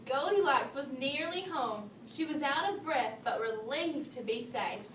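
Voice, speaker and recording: A woman reading a children's story aloud, expressive, lifting her voice for the bears. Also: unhurried, far from the mic. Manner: expressive read-aloud, raising pitch for the bears' lines. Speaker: storybook reader. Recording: echoey room, voice from off-mic, faint hiss.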